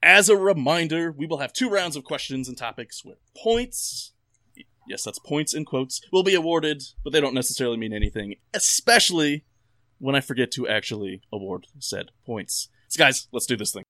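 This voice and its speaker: A man's voice: mid-range voice, expressive, moderate pace, bright, forceful tone, no echo. A man hosting a casual comedy podcast, with dry, mock-grand introductions and jokey banter. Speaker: podcast host.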